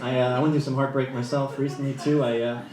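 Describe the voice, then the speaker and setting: A man's voice: mid-range voice, little pitch movement, quick pace. A young man doing a stand-up comedy set in a club, chatty and self-mocking, with loose fillers. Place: comedy club stage before a live audience. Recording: echoey club with crowd laughter.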